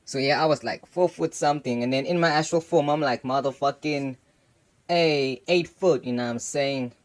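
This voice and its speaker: A man's voice: mid-range voice, moderate pace. A young adult man telling a personal story in a loose, slangy way, filling his talk with casual asides. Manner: slangy and loose, full of "you know what I'm saying" fillers. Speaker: channel host.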